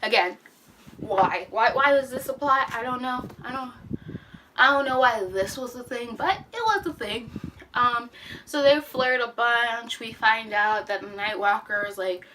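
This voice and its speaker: A woman's voice: fairly high pitch, unhurried, bright, forceful tone. A young woman reviewing a book in casual chat, rambling and exasperated, with lots of "like". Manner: exasperated, rambling, heavy use of "like". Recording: slightly distant mic with faint hiss.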